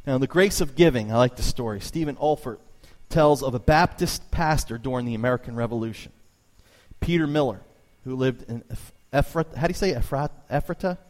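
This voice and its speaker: Animated preacher man in a reverberant hall. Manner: animated storytelling preacher, voice jumps high for emphasis. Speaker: pastor. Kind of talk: sermon. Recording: long reverb of a church hall.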